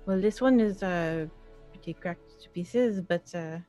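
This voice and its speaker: A woman playing a tabletop game, talking haltingly with many fillers. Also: on the low side, warm tone, soft background music. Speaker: player. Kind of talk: tabletop role-play chat.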